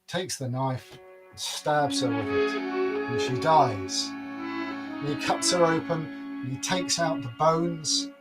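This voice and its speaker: A man's voice: fairly high pitch, takes it slowly, over loud music. A man telling a folk tale aloud in a playful, repetitive storytelling manner.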